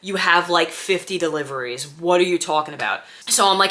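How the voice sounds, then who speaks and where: A woman in her thirties casually telling a personal story, animated and acting out quoted dialogue, with lots of "like" and "right?". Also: lowish voice, fairly quick, hardly any pauses. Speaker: former diaper service owner.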